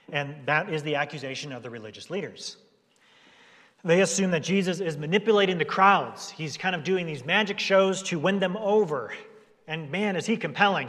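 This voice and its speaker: A man preaching a sermon as a pastor, talking in a relaxed conversational way and briefly putting on voices for the people in his story. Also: a little high. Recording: long hall reverb.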